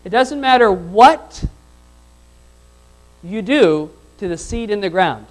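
A man's voice: sits high, lively intonation, takes it slowly, poor audio. Conversational male pastor preaching. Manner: conversational, asks the congregation questions and repeats phrases. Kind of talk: sermon.

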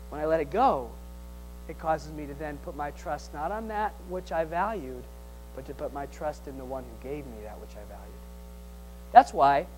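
A male pastor preaching a sermon, swinging from loud exhortation to hushed tones, with teasing humor and call-and-response. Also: fairly high pitch, slight background noise, rough recording.

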